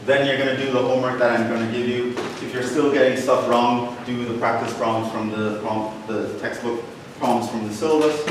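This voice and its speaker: A man teaching a college math class, talking to his students in a casual, encouraging way. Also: mid-range voice. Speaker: math lecturer. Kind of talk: classroom lecture. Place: lecture hall. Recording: very echoey hall, voice from a distance, faint noise.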